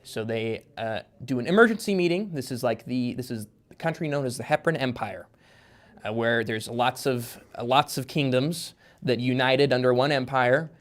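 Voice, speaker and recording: A man's voice: mid-range voice, moderate pace. A man in casual podcast chat, a guest author explaining at length with lots of fillers and restarts. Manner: rambling, filler-heavy explaining.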